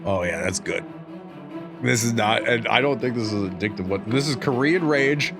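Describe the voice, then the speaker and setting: A man's voice: mid-range voice, moderate pace, creaky, music in the background. A man hosting a comedic podcast with rambling, jokey banter and a mock-salesman patter. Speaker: podcast host.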